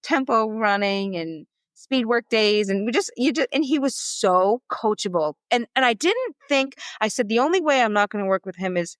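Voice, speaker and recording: A woman who is a marathon runner and coach, telling stories in a lively, chatty way as a podcast guest. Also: on the high side, dry recording. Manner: animated, quick storyteller acting out quotes. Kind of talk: casual storytelling interview.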